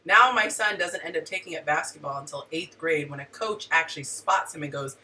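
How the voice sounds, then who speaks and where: A middle-aged woman hosts a casual talk show, speaking frankly and telling stories with lively quoted asides. Her voice is bright. She sits a bit back from the mic, with a faint hiss behind her. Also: deep voice, a little fast, few pauses, far from the mic, low-quality recording. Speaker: host.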